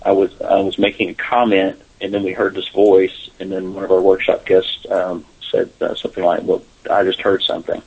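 Man, paranormal investigator guest, husky low voice, unhurried halting delivery, muffled lo-fi call. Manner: relaxed, halting storytelling with fillers. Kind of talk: casual interview talk.

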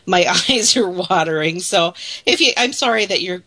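A woman's voice: on the low side, expressive, bright, forceful tone. Stuffy-nosed woman radio host. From Pacific Northwest. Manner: chatty, joking, quick laughs. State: stuffed-up nose from allergies. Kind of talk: casual radio talk.

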